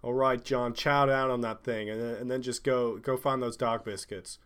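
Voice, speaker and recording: A laid-back man chatting as a player in a tabletop game. He calls his friends man and dude and talks at an everyday pitch. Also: fairly even intonation, moderate pace, a bit bright, smooth. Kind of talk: casual tabletop game chat.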